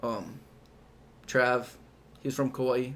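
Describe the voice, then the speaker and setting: Man, co-host. Middle pitch, relaxed and jokey, faint background hiss. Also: drawn-out words. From Hawaii. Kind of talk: casual chat.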